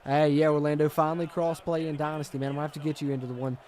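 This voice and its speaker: A man's voice: fairly high pitch, steady tone, racing, a little mellow. A man chatting through a football video game stream, swinging between frustration and hype as he reads viewer comments. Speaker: gaming streamer. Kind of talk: live gameplay commentary and chat.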